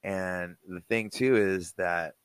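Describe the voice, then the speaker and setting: A young man hosting a podcast, talking casually and with feeling, swearing freely and pausing often. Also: low-pitched, fairly even intonation, smooth, no room sound. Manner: casual, swearing, heartfelt, halting. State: choked up. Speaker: podcast host. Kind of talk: personal message monologue.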